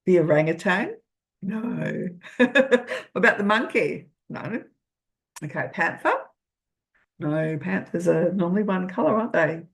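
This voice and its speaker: Slow, gravelly older woman reading. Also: on the low side, expressive. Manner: gentle, asks the child questions. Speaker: children's book reader. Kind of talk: reading a picture book aloud to children.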